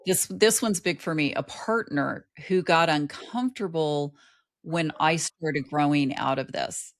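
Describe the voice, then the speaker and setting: A woman's voice: low-pitched, unhurried. A middle-aged woman, a life coach, talking earnestly as a guest in an interview and telling personal stories. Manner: earnest storytelling. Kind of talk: conversational interview.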